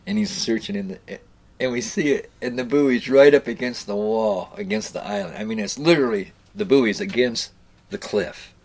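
A fairly low, somewhat mellow male voice at normal speed recounts fishing trips in a loose, casual way. The middle-aged man swears a lot, starts his sentences over and over, and laughs lightly along the way.

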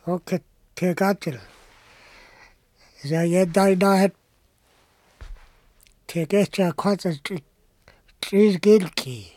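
An older storyteller recounting old times in an unhurried, halting way, now and then dropping English words into another language. The voice sits at a middling pitch and is recorded close and dry, with no room sound. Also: darkish tone, no echo. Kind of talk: oral history storytelling.

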